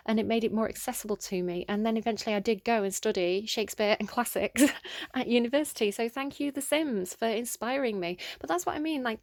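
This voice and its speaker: Young English woman, tarot reader, casual and excitable, laughs often, bright higher voice, dry close sound. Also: no room sound. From England. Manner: rambling, giggly and excitable.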